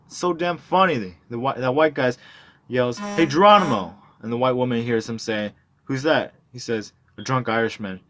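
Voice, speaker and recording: A man reading a novel aloud, voicing a loud, gleeful male friend retelling a bar story. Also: medium pitch, fairly even intonation, moderate pace, a little hiss or hum, close to an everyday voice. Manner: loud, gleeful, egging others on. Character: rowdy laughing male barroom friend.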